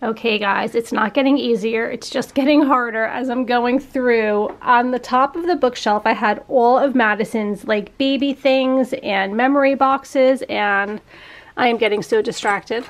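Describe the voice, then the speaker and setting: A woman in her thirties, a vlogger chatting with viewers and getting sentimental as she clears out a room at home. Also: fairly high pitch, a little slow. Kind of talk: casual vlog narration. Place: at home, in a playroom.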